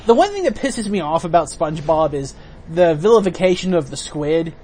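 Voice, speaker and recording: A man's voice: a little high, very animated, brisk, a little mellow, slight background noise. A man hosting a let's play, chatting casually, laughing often and explaining game mechanics. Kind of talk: casual gameplay commentary.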